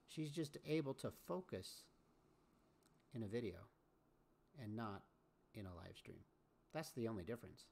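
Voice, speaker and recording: With a fairly low, gravelly, darkish voice, this commentary host speaks expressively at a moderate pace, leaving long pauses. His casual reactions mix scolding with repeated agreement and catchphrases such as "amen."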